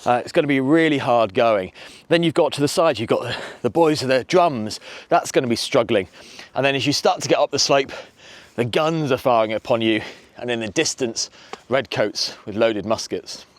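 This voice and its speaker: A man guiding a walk across a battlefield, explaining events in a lively, conversational way, outdoors on a rocky hillside. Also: medium pitch, normal speed, no room sound. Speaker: historian guide.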